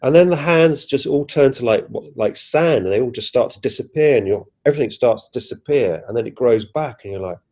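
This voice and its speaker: A man's voice: medium pitch, animated, fairly quick, hardly any pauses, dark tone. A man, a podcast guest animatedly retelling a personal experience, acting out his own reactions with frequent restarts. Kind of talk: casual first-person storytelling.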